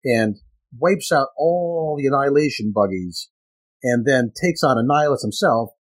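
A man co-hosting a comic book podcast, talking in a measured, explanatory way. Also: medium pitch, expressive. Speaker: podcast co-host. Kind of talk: casual comic book review chat.

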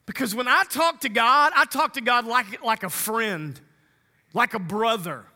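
A man's voice: very high voice, unhurried, bright, forceful tone, in a large hall. A man preaching a sermon as a pastor, conversational and humorous, teasing his congregation.

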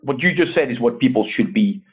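Male guest, earnest advisory tone, husky voice over a tinny phone-quality line. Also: mid-range voice, lively intonation, a little fast. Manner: earnest, advisory, frequent restarts. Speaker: investment bank CEO, guest. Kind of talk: conversational interview answers.

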